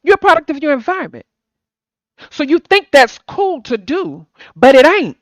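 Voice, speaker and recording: A woman's voice: high-pitched, very animated, normal speed, no echo. Blunt sleepy woman host. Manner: blunt and emphatic, swearing. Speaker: stream host. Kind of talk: casual live-stream chat.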